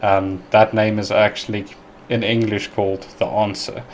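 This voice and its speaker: A man's voice: fairly low pitch, level tone, normal speed, slight background noise. A man from South Africa with a South African accent, casually reacting to and translating clips with a chatty, hesitant manner. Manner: chatty, hesitant, laughs easily. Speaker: reaction video host.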